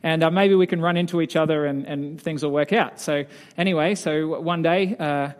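A man preaching, telling a story in a relaxed, hesitant way with many fillers. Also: a little high, moderate pace. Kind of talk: sermon storytelling.

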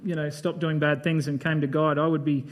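A man's voice: fairly high pitch, flat delivery, brisk. A man giving a conversational Bible sermon, breaking off from the reading to comment in a chatty, reflective way. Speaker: preacher.

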